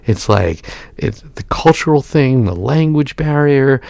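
A man's voice: medium pitch, normal speed, gravelly, slightly rough, no echo. A middle-aged man, congested with a cold, rambling through a casual podcast chat with lots of fillers. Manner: rambling, animated storytelling with many fillers.

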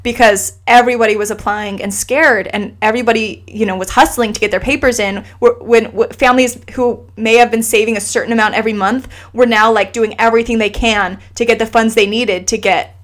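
A woman's voice: fairly high pitch, fairly quick, hardly any pauses. A woman in her thirties, a guest telling a personal story in casual conversation, earnest and emotional, acting out what others said. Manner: animated, quotes others in lively asides.

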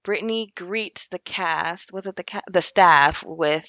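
A woman's voice: fairly low pitch, a little slow, a bit bright, dry recording, dull audio. A woman co-hosting a podcast, chatting casually and laughing often as she recaps a reality show. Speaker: podcast co-host.

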